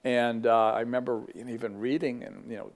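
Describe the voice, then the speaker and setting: A man's voice: medium pitch, fairly even intonation, moderate pace, creaky. A middle-aged man, a ministry vice president, giving a reflective faith talk in a conversational way with many fillers and restarts.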